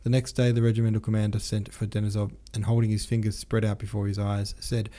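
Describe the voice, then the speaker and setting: A man narrating an audiobook of a classic novel in a steady, plain reading. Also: on the low side, quick pace, few pauses.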